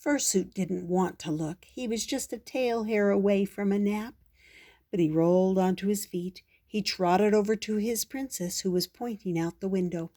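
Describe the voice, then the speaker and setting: An older woman, a grandmother, reading a children's storybook aloud in a slow, gentle way. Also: medium pitch.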